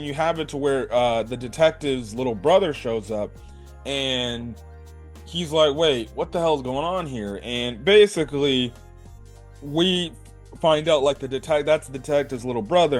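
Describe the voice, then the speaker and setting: A man casually recapping an anime episode in a loose, rambling way, swearing often and checking in with "right?". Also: medium pitch. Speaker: anime reviewer.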